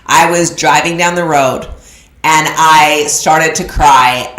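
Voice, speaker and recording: A woman's voice: sits low, a bit bright. Emphatic woman coach in an echoey room. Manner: emphatic, preacher-like, addresses audience directly. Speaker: business coach. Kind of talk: live online masterclass talk. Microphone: video call.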